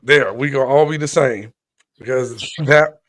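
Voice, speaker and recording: A man's voice: mid-range voice, measured pace, fairly bright tone, dry recording, clean studio sound. A man co-hosting a morning talk show, wry and matter-of-fact. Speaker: co-host. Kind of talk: casual chat.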